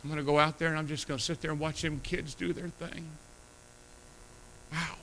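A man's voice: a little high, flat delivery, a little fast, fairly bright tone, a little hiss or hum, poor audio. A middle-aged man preaching a sermon as pastor, talking in a conversational, emphatic and emotional way.

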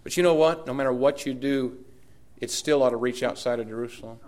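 A man, a pastor preaching a sermon and telling a story with lively, emphatic repetition. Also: medium pitch, a little fast.

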